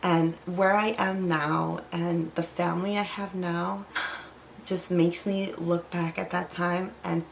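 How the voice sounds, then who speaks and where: A young adult woman vlogger telling a personal story in a casual, animated way, acting out what people said. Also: fairly low pitch, slow, vocal fry, a little hiss or hum, rough recording. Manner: animated, acts out quotes. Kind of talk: storytime vlog.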